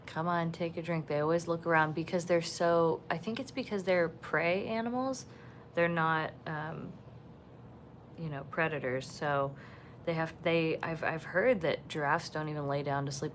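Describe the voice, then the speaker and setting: A woman hosting a casual livestream from a resort balcony, chatting softly and gushing over the animals she sees. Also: low-pitched, steady tone, moderate pace, a little hiss or hum. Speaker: vlog host. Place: resort balcony overlooking savanna, outdoors.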